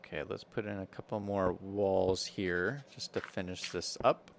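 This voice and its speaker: A man's voice: low voice, fairly even intonation, unhurried, gravelly, a little hiss or hum. A man streaming a building game, chatting casually with viewers and thinking aloud as he builds, with an American accent and frequent laughs.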